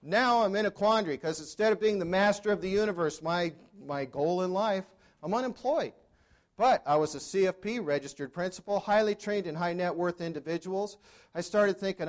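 A man's voice: sits high, fairly quick. A man in his sixties giving a storytelling keynote to a live audience, conversational, with dry humor and questions to the crowd. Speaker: motivational speaker.

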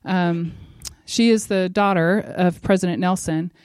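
A middle-aged woman giving a religious devotional talk, telling a personal story in a lively way and speaking straight to her listeners. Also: on the low side, unhurried, clear, resonant tone, no echo, clean studio sound. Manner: animated storyteller who acts out quotes and speaks directly to her listeners.

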